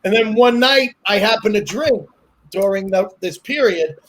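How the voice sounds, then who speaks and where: A man with a high voice spins a meandering comic story and circles back over the same point again and again. He chuckles at his own setup as he goes. The sound comes through a video call. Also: normal speed. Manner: animated, repeats himself, laughs at own jokes. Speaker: comedian guest.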